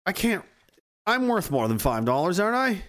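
A man's voice: high voice, sing-song, normal speed. A man hosting a livestream, reading chat and ranting heatedly with lots of swearing. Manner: profane, heated, swings from yelling to groaning.

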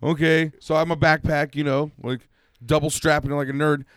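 A man's voice: fairly high pitch, flat delivery, normal speed, fairly bright tone, clear, resonant tone, no room sound. A man in his thirties in casual chat, laid-back and profane.

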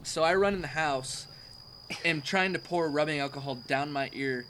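A man hosting a casual chat outdoors at night, teasing his guest and animated when he retells a story. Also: on the high side, normal speed, a little hiss or hum, poor audio. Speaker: podcast host. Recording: faint outdoor night ambience with crickets.

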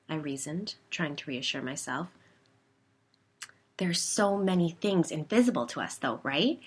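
A woman narrating a first-person story in a calm, measured way. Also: sits low, breathy edge.

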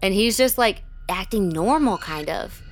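A woman hosting a podcast, telling a personal story in a casual, animated way, with lots of fillers and swearing. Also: medium pitch, unhurried, music in the background. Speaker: podcast host.

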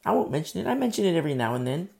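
A man preaching a sermon as pastor, blunt and emphatic, with quick asides to the congregation. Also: fairly high pitch, big pitch swings, creaky, a little mellow.

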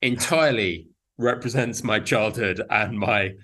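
A man from co-hosting a podcast in casual chat, halting and self-deprecating, stammering into his sentences. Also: fairly low pitch, fairly bright tone. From London, England. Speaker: podcast co-host.

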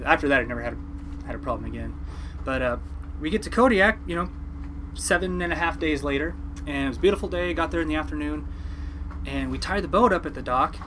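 A man telling a casual story about captaining a fishing boat, animated and swearing casually. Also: medium pitch, slight background noise, low-quality recording. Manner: animated, mimics people in quotes, swears casually.

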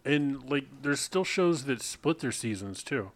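A man's voice: medium pitch, animated, a little slow, dry recording. A man in his thirties co-hosting a podcast, rambling and swearing in casual chat, laughing often. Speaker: podcast co-host.

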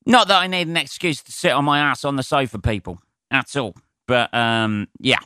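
Here the English comedian's voice is mid-range, bright and forceful yet smooth, moving at a normal speed. Alone on his casual podcast, he rambles, swears a lot and mocks himself, all in studio-quality sound with no echo.

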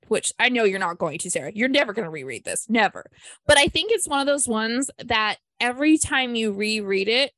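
A woman's voice: a little high, fairly bright tone, dry recording. A woman hosting a book club podcast, chatting enthusiastically with lots of fillers. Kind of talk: casual book discussion.

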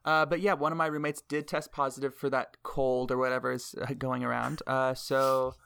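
A young man co-hosting a casual podcast, joking and slangy, getting animated as he argues a point. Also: medium pitch, moderate pace, vocal fry, smooth. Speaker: podcast co-host.

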